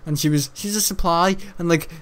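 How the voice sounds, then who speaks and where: A man's voice: a little high, brisk, a bit bright. Giggly young man rambling. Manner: laughs often, stumbles and repeats words. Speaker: gaming streamer. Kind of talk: rambling storytelling while gaming.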